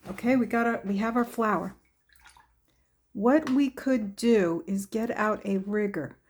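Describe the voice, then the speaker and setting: In this painting demonstration, the art tutorial host speaks at a medium pitch with a slightly mellow quality. Her pace is slow and chatty, and she keeps up a running conversation with herself as she paints.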